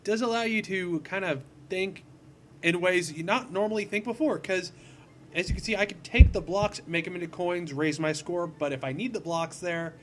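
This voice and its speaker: Here the let's-play host sounds high-pitched and fairly bright, moving at a moderate pace over a little hiss or hum. Rambling goofily through a puzzle platformer, he keeps making self-deprecating jokes.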